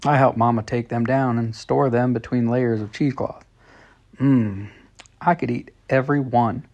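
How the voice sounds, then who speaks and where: Gravelly man reading a storybook. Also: mid-range voice, fairly even intonation, moderate pace, darkish tone, lo-fi sound. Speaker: storybook reader. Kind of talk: reading a children's story in diary letters.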